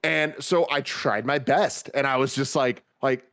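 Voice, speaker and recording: A man in his thirties, co-hosting a podcast in casual chat, telling a story and acting out the dialogue with big leaps in his voice. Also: measured pace. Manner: animated, acts out dialogue with big pitch jumps. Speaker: podcast co-host.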